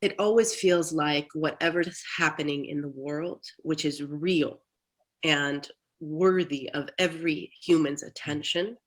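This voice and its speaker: A woman speaking candidly as a therapy client, talking in a halting, reflective way with many restarts, over a video call. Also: deep voice, rough recording. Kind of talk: candid personal talk.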